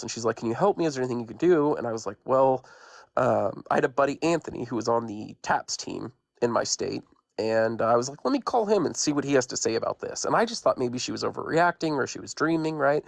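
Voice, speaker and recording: A man with a gravelly, creaky voice tells a ghost story as a guest on a live stream. He talks in a loose, rambling, conversational way. The sound is dry and close. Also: mid-range voice, lively intonation, quick pace, dry recording. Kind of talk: casual spoken ghost story.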